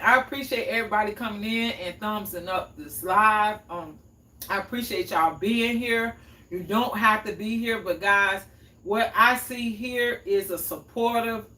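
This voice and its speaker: A woman's voice: medium pitch, sharp tone. A woman hosting a cooking livestream in a home kitchen, chatting casually and answering viewers' comments. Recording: echoey room, mic at a distance.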